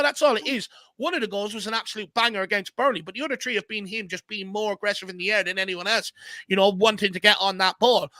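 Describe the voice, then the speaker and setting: A bright, high-pitched man hosts a football fan show, his voice crisp and close with little room sound. He chats in a relaxed way, reads out viewer comments and moves the panel through the questions. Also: dry recording. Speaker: fan channel host. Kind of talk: casual fan discussion show.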